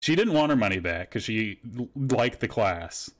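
A man's voice: on the low side, animated, normal speed. A man hosting a podcast, telling stories in casual, profanity-laced chat. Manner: swears freely, storytelling. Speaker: podcast host.

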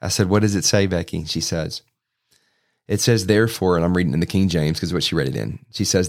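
Middle-aged pastor, folksy storyteller with dry self-deprecating jokes, lowish voice. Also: male voice, fast talker. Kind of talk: sermon storytelling.

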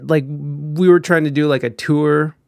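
A man's voice: a little high, fairly even intonation, measured pace, a little mellow, no room sound, clean studio sound. A man chatting casually as host, rambling with lots of fillers and gushing enthusiasm. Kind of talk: casual chat.

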